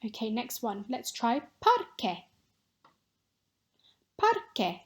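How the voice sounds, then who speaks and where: A woman teaching a recorded Spanish lesson, modelling words clearly and patiently for pupils to repeat. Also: a little high, lively intonation, unhurried, a little mellow.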